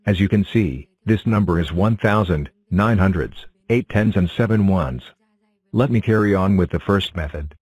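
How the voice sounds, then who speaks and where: A woman voicing a cartoon helper, calm and reassuring as she explains things. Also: extremely low pitch, normal speed, husky, dull audio. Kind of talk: cartoon voice acting.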